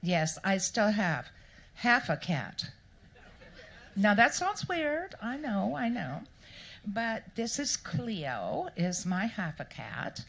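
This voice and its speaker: A woman author answering questions at a live event, telling stories in a playful, animated way and acting out the people she quotes. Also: mid-range voice, slow pace, vocal fry. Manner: animated, playful storyteller who acts out quotes. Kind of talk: storytelling interview answers. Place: live Q&A event before an audience.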